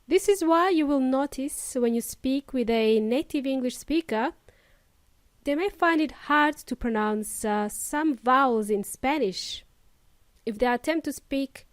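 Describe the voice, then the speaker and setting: A woman hosting a podcast lesson for English learners, speaking with a slow, careful and emphatic teaching delivery. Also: sits high, dry recording.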